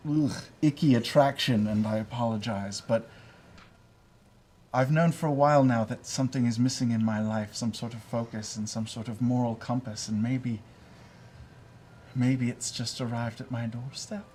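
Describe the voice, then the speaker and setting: A man's voice: mid-range voice, steady tone, normal speed, a little mellow, a little hiss or hum, lightly acted. A man voicing a roguish bard father in a tabletop game, making an earnest, heartfelt speech with a self-mocking edge. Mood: remorseful. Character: roguish middle-aged bard, sentimental scoundrel father.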